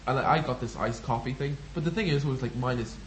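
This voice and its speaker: A man's voice: mid-range voice, fast, a little hiss or hum, rough recording. A young man from Northern Ireland with a Northern Irish accent, telling stories and laughing in a casual podcast chat. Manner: swearing, laughing storyteller. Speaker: podcast co-host.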